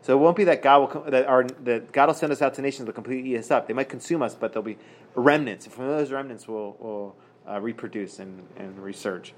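A man leads a casual daf study lesson on a Talmud page, reading Hebrew and Aramaic passages aloud and translating them. He speaks haltingly, with many fillers and restarts, at a medium pitch.

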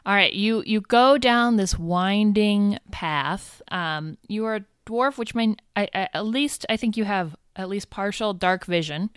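Lady running a tabletop game, clear smooth voice, upbeat, mid-pitched. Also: unhurried, few pauses, no room sound, studio quality. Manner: playful, upbeat narration. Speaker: game master.

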